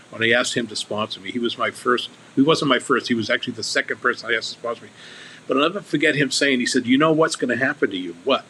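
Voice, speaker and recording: A man's voice: mid-range voice, sharp tone, a little hiss or hum, rough recording. A man speaking as a guest on a recovery podcast, earnest and candid, often restarting and repeating his words.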